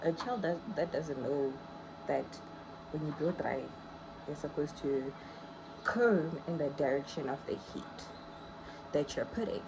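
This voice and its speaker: Low-voiced Zimbabwean woman vlogging. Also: a little slow, long pauses, low-quality recording. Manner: venting, chatty, self-mocking. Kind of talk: casual vlog chat to camera. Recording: loud background noise.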